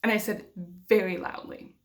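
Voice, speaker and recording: A woman's voice: mid-range voice, fairly even intonation, normal speed. A young woman vlogger telling a personal story to camera in a candid, conversational way with many fillers.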